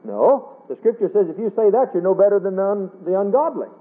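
A man's voice: very animated, a little fast. A man preaching a sermon in a folksy, earnest way, rising and falling as he quotes scripture. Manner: folksy, earnest preaching with wide swings in pitch. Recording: tinny phone-line radio broadcast.

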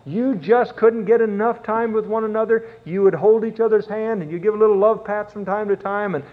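A man's voice: high voice, steady tone. Man preaching over a tinny line. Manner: preaching with drawn-out emphatic words and rising fervor. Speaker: pastor. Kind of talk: sermon. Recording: tinny phone-like sound.

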